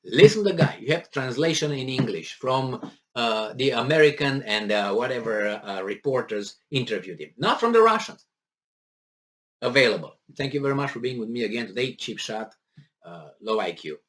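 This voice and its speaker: A man's voice: mid-range voice, moderate pace, a bit bright. A man giving a solo, opinionated commentary and firing off incredulous rhetorical questions. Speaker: political commentary vlogger.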